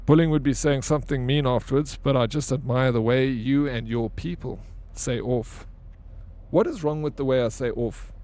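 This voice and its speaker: Streaming a game live, a young man trades jokes with his chat and swears freely throughout. His mid-range voice has a darkish tone, and his pace is moderate.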